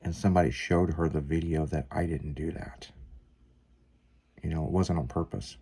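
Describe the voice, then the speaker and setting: A man's voice: very deep voice, moderate pace, mellow, slightly rough. A man casually telling a long personal story, rambling with lots of fillers and some swearing. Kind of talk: casual chat, personal anecdote.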